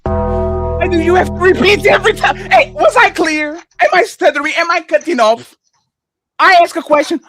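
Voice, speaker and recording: A man's voice: extremely high pitch, moderate pace, music in the background. A man co-hosting a live audio-room talk, repeating himself, cutting in and scolding with exasperation. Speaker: co-host.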